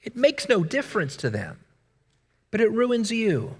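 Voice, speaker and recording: A man preaching a sermon in a church, telling stories and swinging between loud emphasis and hushed, quiet lines. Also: sits high, wildly swooping pitch, a little slow, breathy edge. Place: church sanctuary. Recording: echoey sanctuary reverb.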